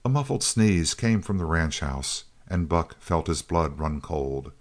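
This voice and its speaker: A man narrating a Western novel as an audiobook, in a steady, measured way. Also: low voice.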